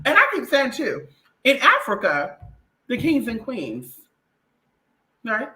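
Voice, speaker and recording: A brash woman vlogger holding forth in a loud, swearing monologue, her pitch swinging up and down as she mimics people. Her voice is bright and sharp, and it rings around a roomy, echoing space. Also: moderate pace, long pauses. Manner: blunt, profane, animated, mimics others. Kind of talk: casual opinionated monologue.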